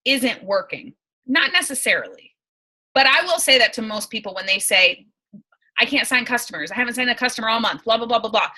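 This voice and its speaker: Brief: bright-voiced young woman, team leader, chatty and emphatic, video-call mic. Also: on the high side, poor audio. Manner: chatty, emphatic, laughs often. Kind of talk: casual coaching talk on a video call.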